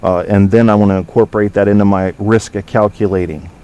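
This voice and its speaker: A man's voice: lowish voice, fairly even intonation, brisk, mellow, clean tone. A man hosting a casual talk show from his studio, rambling through provocative, joking banter with plenty of fillers. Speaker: podcast host. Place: home studio.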